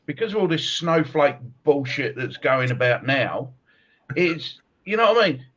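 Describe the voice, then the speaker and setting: Animated man, dull lo-fi sound. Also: a little high, moderate pace. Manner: animated storyteller, laughs often. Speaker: podcast host, martial arts coach. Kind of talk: casual chat.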